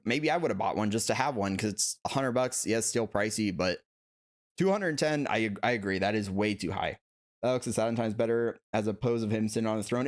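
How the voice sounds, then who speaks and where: A young man casually chatting on a livestream about collectible figures and reading out viewer comments. He is talkative, laughs often and fills his talk with "like". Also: mid-range voice.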